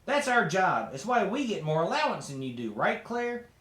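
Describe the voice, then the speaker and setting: A man's voice: high-pitched, very animated, normal speed, fairly bright tone. A man reading aloud as a bossy, mocking older sister who teases her younger sibling, in a roomy, echoey space. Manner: mocking, sly. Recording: roomy echo.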